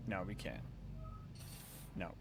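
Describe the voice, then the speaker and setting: A man's voice: slow pace, background noise. A man co-hosting a game stream, tossing out dry, offhand jokes while he plays. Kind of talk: casual let's-play banter.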